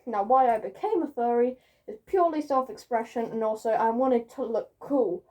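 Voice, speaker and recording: A young woman talks straight to camera in a loose, rambling vlog, often laughing at herself and swearing as she goes. Her voice sits a little high, with a soft, mellow tone. She is a bit far from the mic. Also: moderate pace. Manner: rambling, self-mocking, swears casually. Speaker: YouTuber. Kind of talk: casual vlog monologue.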